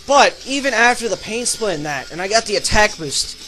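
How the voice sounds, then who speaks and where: A young man narrating his online game battles as a channel host, energetic and breaking into loud excited shouts. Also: high voice, a little fast, rough recording. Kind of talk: excited battle commentary over gameplay video. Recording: voice-over with faint background music.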